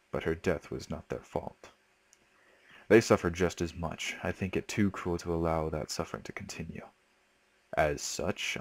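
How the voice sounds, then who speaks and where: A man voicing a solemn, husky spirit guide. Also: deep voice, a little mellow, no room sound. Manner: measured, formal delivery. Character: calm older male spirit guide, solemn.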